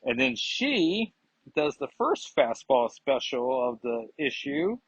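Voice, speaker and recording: A man's voice: a little high, big pitch swings, slow pace, gravelly, breathy edge, no echo, muffled recording. A man reviewing comics in casual chat, rambling and digressive with many fillers.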